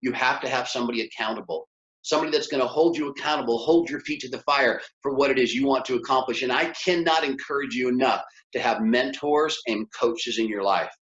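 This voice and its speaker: A man's voice: mid-range voice, quick pace, fairly bright tone. A middle-aged man giving a motivational business workshop lecture, emphatic and coaxing, often putting questions to his audience. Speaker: business instructor. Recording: roomy, slightly dull lo-fi sound.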